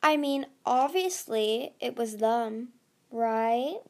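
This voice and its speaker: A woman voicing a scheming female desert dragon who speaks smoothly, with a purr. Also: a little high, lively intonation, slow, exaggerated voice. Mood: silky. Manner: smooth, purring.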